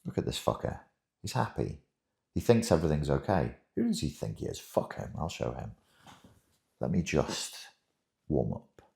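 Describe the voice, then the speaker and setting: A man's voice: very deep voice, very animated, normal speed, gravelly, long pauses, a little mellow, pitched below the performer's own voice, full character voice. A man voicing the seething inner voice of an irritable woman, half-whispered and hissing, scheming and venomous. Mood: spiteful.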